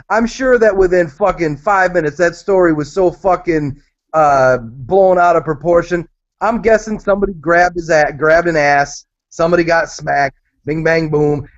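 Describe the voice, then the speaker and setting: A man with a high voice speaks on an MMA podcast, blunt and sarcastic as he brushes off a story. The sound is muffled and lo-fi. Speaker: podcast co-host. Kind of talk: casual profane sports chat. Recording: muffled lo-fi audio.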